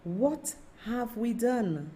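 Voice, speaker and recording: Woman commentator, high lively voice, slow impassioned delivery. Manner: impassioned, ranting, indignant. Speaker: political commentary host. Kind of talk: live political commentary.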